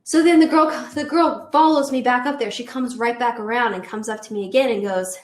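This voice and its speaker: A woman in her twenties, a podcast guest, telling a long story in a chatty, animated way full of fillers. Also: fairly high pitch, a little fast, few pauses, echoey room. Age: 20s. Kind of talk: casual storytelling.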